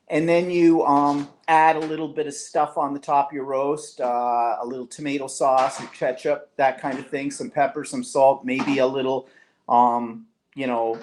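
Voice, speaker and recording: A man's voice: mid-range voice, darkish tone, slight background noise. A man from Canada, co-hosting a live online show in casual, teasing chat and reading viewer comments aloud.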